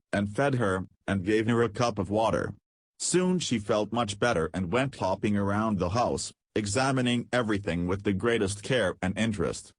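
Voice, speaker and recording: Low husky male audiobook narrator. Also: no echo. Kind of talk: scripted narration.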